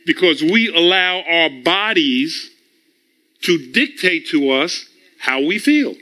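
Bright-voiced man preaching with chuckles. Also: a little high, animated, takes it slowly. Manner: chuckles often, repeats words as he builds a point; storytelling, teaching tone. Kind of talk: conversational sermon.

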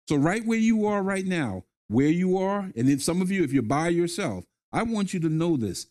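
A man preaching as pastor, leading his listeners through a call-and-response scripture reading and slowing right down for the recited verses. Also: on the high side, very animated, darkish tone. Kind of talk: sermon.

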